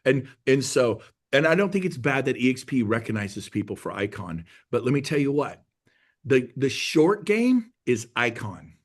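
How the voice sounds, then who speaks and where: A man's voice: mid-range voice, very animated, moderate pace. A middle-aged man, a real estate guest speaker, telling stories energetically and acting out quoted voices. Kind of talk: animated storytelling talk.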